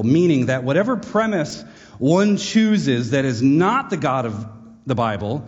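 A man's voice: medium pitch, animated, measured pace. A man teaching a sermon to a live audience in a conversational way, with wry, joking asides. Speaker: preacher. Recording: echoey hall, dull lo-fi sound.

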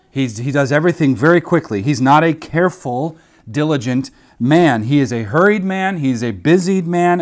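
A man preaching a sermon, earnest and emphatic, repeating key phrases for weight. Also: mid-range voice.

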